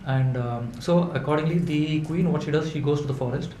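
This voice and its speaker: A man, telling folk tales to a live audience in a halting way, with many fillers and restarts. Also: fairly high pitch, mellow. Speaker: storyteller. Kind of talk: live folklore storytelling. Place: event hall indoors. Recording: echoey room with faint hum.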